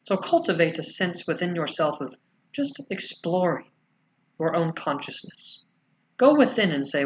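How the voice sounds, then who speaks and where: A man channeling a spiritual message as a collective "we", speaking slowly and soothingly with gentle rhetorical questions. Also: sits high, big pitch swings, slight background noise. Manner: slow, soothing, rhetorical questions ending in "yes?".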